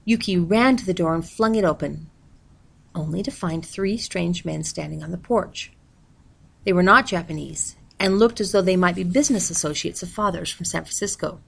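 Woman reading a book aloud, low voice, gravelly fry, steady plain narration. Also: moderate pace. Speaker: reader.

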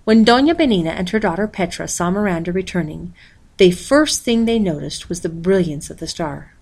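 A woman reading a picture book aloud in a steady, expressive storytelling voice. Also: fairly low pitch, a little fast. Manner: steady, expressive, reads page numbers aloud. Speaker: storybook reader.

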